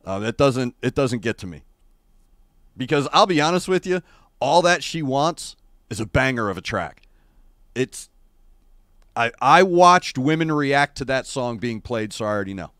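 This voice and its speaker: A middle-aged man hosting a casual livestream chat, telling rambling, wry and animated stories into a streaming microphone. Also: medium pitch, normal speed, long pauses, no room sound, studio quality. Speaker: show host. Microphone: adjustable streaming microphone.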